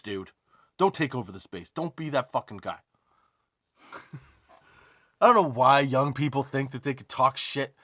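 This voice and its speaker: A man hosting a comedy podcast, telling a story as a profane, emphatic rant, drawn-out emphasis and rhetorical asides like "okay?". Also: mid-range voice, fairly bright tone, no room sound, studio quality. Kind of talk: comedic ranting monologue.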